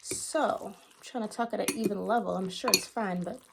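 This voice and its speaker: A woman's voice: medium pitch, normal speed, vocal fry, very noisy. A woman chatting casually to her viewers while eating on camera, drawing words out between bites, with her ear clogged and her hearing a little off. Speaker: mukbang vlogger. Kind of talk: casual mukbang chat to camera.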